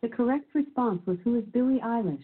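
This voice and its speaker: A woman's voice: on the high side, lively intonation, fast talker, husky. Synthetic woman's voice reading quiz clues. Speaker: quiz game voice assistant. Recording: tinny phone-like sound.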